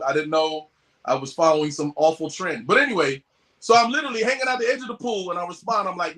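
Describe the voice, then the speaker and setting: Man, podcast guest, high voice, lively swoops, swearing, acts out quoted voices. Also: very fast. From US West Coast. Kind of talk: casual storytelling.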